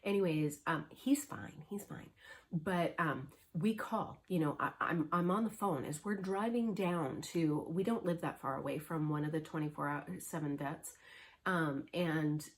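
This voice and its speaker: A middle-aged woman chatting casually as a cross-stitch vlogger, her voice sitting on the low side. She rambles through stories with plenty of ums and restarts. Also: moderate pace. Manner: rambling, chatty storytelling with many fillers. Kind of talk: casual chat.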